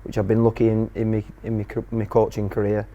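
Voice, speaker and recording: A man's voice: fairly low pitch, quick pace, highs cut off. A man, a guest chatting casually about his work in football. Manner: relaxed, conversational, says "me" for "my". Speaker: studio guest. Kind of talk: casual interview chat.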